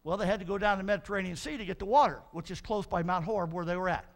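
Speaking fast in a high-pitched voice, this middle-aged pastor brings Bible stories to life in his sermon. He acts out the characters and works himself up to shouting.

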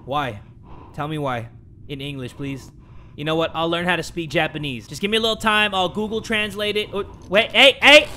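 A young man commentating a horror game, excitable and jokey, dropping to a hush and then shouting. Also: fairly high pitch, a little fast, a little hiss or hum. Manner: excitable, jokey, swings between hushed and shouting. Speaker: gaming commentator.

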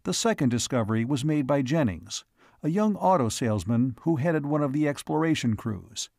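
A man narrating an audiobook of a classic science fiction story in a steady, even manner. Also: medium pitch, moderate pace, vocal fry, dry recording, studio quality.

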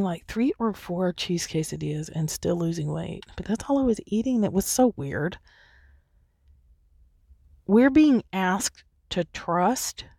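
A woman's voice: fairly low pitch, dark tone, dry recording, clean studio sound. A woman hosting a podcast, talking alone in a frank, chatty way and laughing easily. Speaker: podcast host. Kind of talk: candid solo podcast monologue.

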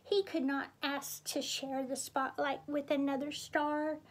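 A vain female pig star with a grand, theatrical manner, as a woman reading aloud puts her on. The voice sits high and the words come unhurried, each one given weight. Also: flat delivery. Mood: furious. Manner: theatrical, haughty, shrieking when angry.

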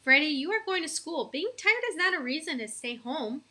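Woman reader as storybook mom: firm, scolding, bright-toned. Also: high-pitched, animated, fairly quick, pitched above the performer's own voice. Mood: stern. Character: stern caring mother of a young boy.

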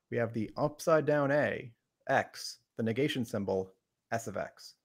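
A man with a gravelly, creaky voice leads a casual logic lesson on a live stream. He often restarts his sentences and keeps the tone playful. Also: mid-range voice. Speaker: podcast host teaching logic.

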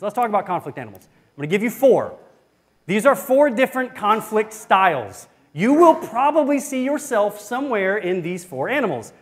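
A man leads a church workshop in a conversational, earnest way, often restarting his sentences. His voice sits a little higher than most men's. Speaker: family life minister. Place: church hall.

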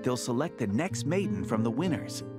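A man voicing an eager young male fighter who feels looked down on, speaking breathlessly and excitedly in a card game's narration. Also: mid-range voice, moderate pace, loud music behind the voice, close to an everyday voice. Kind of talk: game narration.

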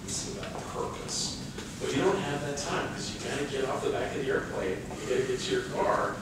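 A man telling a funny story to a live audience, animated and laughing through his lines. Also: medium pitch, a little fast, very noisy. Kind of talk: humorous anecdote. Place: large hall with a live audience. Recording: echoey room from far off with audience.

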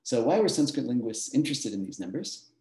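A man's voice: mid-range voice, sing-song, a little fast, mellow. A man giving a master class lecture, explaining patiently with frequent fillers and little laughs. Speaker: mathematician teaching a master class. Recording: roomy echo.

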